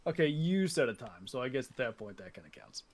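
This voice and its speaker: A man's voice: mid-range voice, sing-song, quick pace. A man co-streaming a game and trading dry, teasing banter. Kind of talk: casual gaming stream chat.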